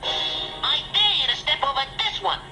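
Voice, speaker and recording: A sly, unbothered cartoon rabbit voiced by a woman taunts in a slow, lilting voice whose pitch bounces around a lot. The soundtrack is roomy and has clear music under it. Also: animated. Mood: teasing. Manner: teasing, unbothered. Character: cool wisecracking male cartoon rabbit.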